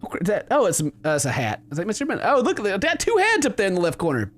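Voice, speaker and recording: Animated young man narrating a game. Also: high-pitched, quick pace. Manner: animated, playful, reads game dialogue aloud in voices. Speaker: gaming video host. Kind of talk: casual game commentary with character readings.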